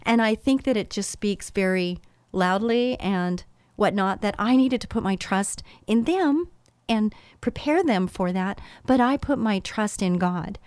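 Middle-aged woman, motivational speaker, earnest and faith-driven, dry close sound, middle pitch. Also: lively intonation, a little slow, darkish tone, no echo. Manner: earnest, faith-filled, emotional storytelling. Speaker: business owner and coach. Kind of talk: motivational talk.

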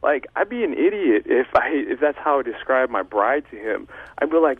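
A man's voice: on the high side, sing-song, brisk, breathy edge, no room sound. A young man speaking as a guest, sharing an earnest, emotional faith testimony with plenty of fillers. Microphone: phone. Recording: tinny phone line.

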